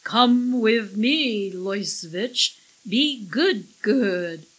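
A woman voicing a huge alien creature that speaks in slow, broken, simple words. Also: medium pitch, expressive, a bit bright, breathy edge, exaggerated voice. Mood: coaxing.

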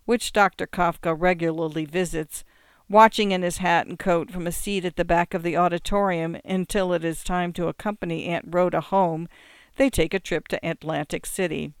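A narrator reading a literary story in a measured, reflective way. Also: mid-range voice, steady tone, clear, resonant tone, no room sound, clean studio sound. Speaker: audiobook narrator.

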